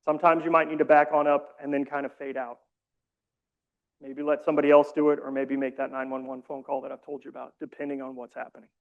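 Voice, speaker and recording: A man leading a community training session, explaining calmly with casual, self-deprecating asides. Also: medium pitch, quick pace, creaky, narrow, tinny audio. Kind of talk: training presentation.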